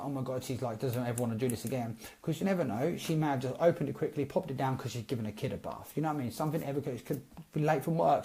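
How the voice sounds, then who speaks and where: A man coaching network marketers in a casual live stream, chatty and animated, acting out both sides of text chats. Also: on the high side. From Britain.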